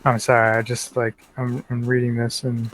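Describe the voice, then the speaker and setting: A man's voice: medium pitch, monotone, a bit bright, slight background noise. A man playing a tabletop game, hesitant and a little bashful as he reads his turn. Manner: slow, hesitant, bashful laughs. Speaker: player. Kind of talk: casual tabletop play.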